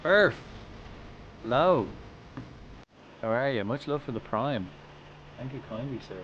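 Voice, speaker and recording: A man's voice: medium pitch, fairly quick, highs cut off, slight background noise. A man giving casual live-stream commentary, chatty and jokey, with swearing and offhand asides. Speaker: livestreamer.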